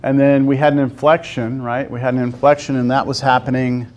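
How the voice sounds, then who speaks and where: A man teaching a calculus lesson to a class. He talks through a graph step by step and keeps pausing to ask the students whether they see it. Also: medium pitch, little pitch movement, muffled recording. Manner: talks to the class, asks lots of check-in questions. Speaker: math teacher.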